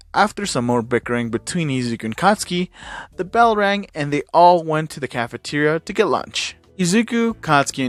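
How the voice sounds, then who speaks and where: A man's voice: fairly high pitch, a bit bright, dry recording. Man casually reading a fan story. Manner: casual, with small slips and fillers. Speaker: channel host reading fan fiction.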